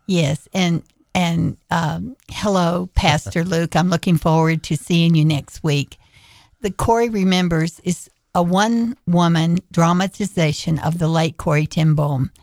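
A woman guest in a radio studio, speaking in a slow, earnest way with pauses. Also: fairly low pitch, darkish tone, dry recording. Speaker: guest performer. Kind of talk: radio interview.

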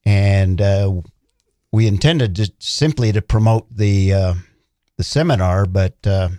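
A man speaking as a regular guest on a live talk radio show, earnest and unhurried. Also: lowish voice, mellow, no echo, studio quality. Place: radio studio.

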